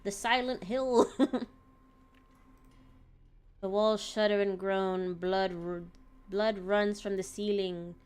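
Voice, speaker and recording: A woman's voice: mid-range voice, darkish tone, smooth. A woman streamer reading a visual novel aloud dramatically, breaking off with laughing asides.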